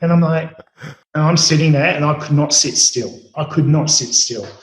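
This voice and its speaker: In a storytelling interview, an Australian-accented chef in his late forties recounts his cooking career, speaking at normal speed in a voice on the high side. He uses plenty of fillers and restarts, and the room echo is noticeable.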